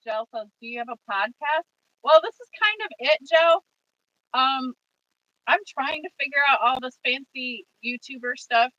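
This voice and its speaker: A woman's voice: on the high side, bright, forceful tone, far from the mic, dull audio. A woman hosting a casual trucking livestream, reading viewer comments aloud and chatting back to them.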